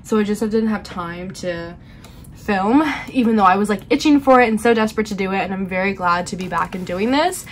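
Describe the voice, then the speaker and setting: A woman's voice: medium pitch, fairly quick, slight background noise. A young woman hosting a budgeting vlog, congested from pollen, chatting casually and counting cash aloud with frequent fillers. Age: young adult. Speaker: budgeting channel host.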